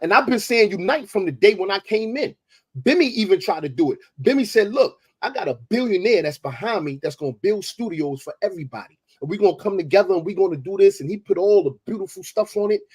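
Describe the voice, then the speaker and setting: A man's voice: high voice, lively intonation, fast talker, slightly rough. A man, debating in a heated, confrontational way and repeating himself for emphasis.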